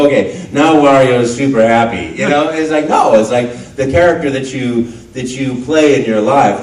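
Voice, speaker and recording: Recorded on a phone far back in an echoey convention hall, a man in his fifties talks to a crowd in a fairly high, lively voice. He is animated and earnest. A faint hiss of room noise sits under the speech. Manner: bursts into loud high cartoon voices; earnest and heartfelt when reflecting. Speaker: voice actor on a convention panel. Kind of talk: animated panel talk to an audience. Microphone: handheld phone in the audience.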